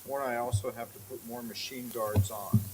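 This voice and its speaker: A man's voice: medium pitch, steady tone, moderate pace, poor audio. A man moderating a conference session, reading out audience questions to the speaker. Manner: reads audience questions aloud.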